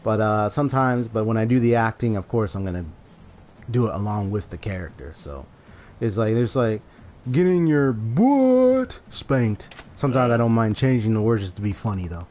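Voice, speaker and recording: A man's voice: fairly low pitch, fairly quick, a little mellow, slight background noise. A man streaming gameplay, commenting casually with a joking, incredulous manner. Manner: incredulous, joking, laughs often. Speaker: gaming streamer.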